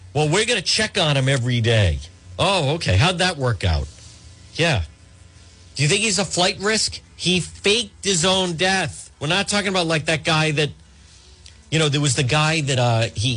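A man holds forth on talk radio in a husky voice. His pitch rises and falls all over the place as he rambles and tosses in sarcastic asides. He speaks into a studio microphone. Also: fairly bright tone. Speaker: radio talk show host.

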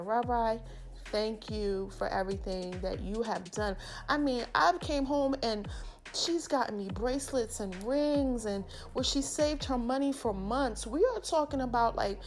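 Woman, forties, slangy and heartfelt, slightly high voice, faint music under her. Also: a little slow. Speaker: vlogger. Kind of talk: casual shout-outs to family and friends.

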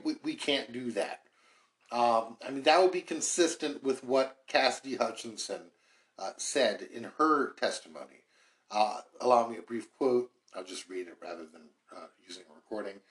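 Guy hosting a podcast, chatty and wry, mid pitch, room echo on the mic. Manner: chatty, thinking aloud, wry. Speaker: podcast host. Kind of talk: casual political commentary. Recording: roomy echo.

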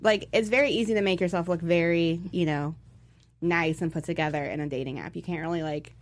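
A young woman with a fairly low voice chats casually on a podcast, peppering everything with "like" and "you know." She has the hiccups. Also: a little fast. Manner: chatty, many fillers like "like" and "you know". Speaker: podcast co-host. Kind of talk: casual chat.

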